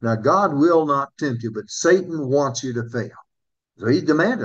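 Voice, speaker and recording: A man preaching a sermon, earnestly asking his listeners questions and slowing down to read scripture. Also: medium pitch, big pitch swings, breathy edge, dull audio. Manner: earnest, asks the congregation questions, slows for scripture. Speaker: pastor.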